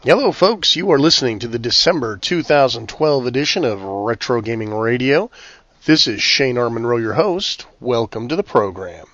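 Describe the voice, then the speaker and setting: Hoarse podcast host with a scratchy voice. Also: male voice, medium pitch, expressive, moderate pace, a bit bright, no echo, lo-fi sound. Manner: conversational, with frequent ums and uhs. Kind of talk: hosting a retro gaming podcast.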